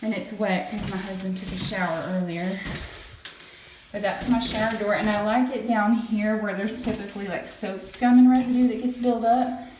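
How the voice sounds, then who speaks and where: A woman's voice: mid-range voice, steady tone, moderate pace, background noise. A woman giving a casual how-to demonstration in her home bathroom, chatting as she scrubs. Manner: chatty, explains while scrubbing. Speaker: product demonstrator. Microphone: camera set back from the speaker. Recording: echoey tiled bathroom from a distance.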